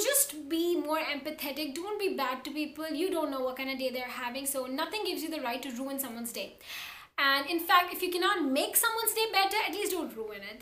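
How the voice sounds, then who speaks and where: A woman in her twenties with an Indian English accent, telling a personal story to camera in an animated, emphatic way. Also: high-pitched, roomy sound. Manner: animated, emphatic retelling with quoted dialogue. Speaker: vlogger, cabin crew. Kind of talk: casual storytime monologue.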